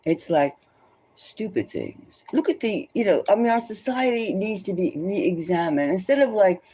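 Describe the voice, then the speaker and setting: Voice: mid-range voice, very animated, normal speed, warm tone, husky. A tarot reader giving rambling spoken commentary, emphatic and loose, often repeating phrases for stress. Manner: loose and conversational, many restarts.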